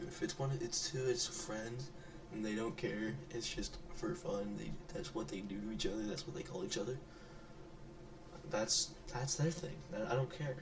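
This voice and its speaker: A man who is sick, giving a rambling, joking commentary as he reacts to a video, often trailing off and restarting his thoughts. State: sick, voice affected by illness. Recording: distant mic with clear rumbling noise.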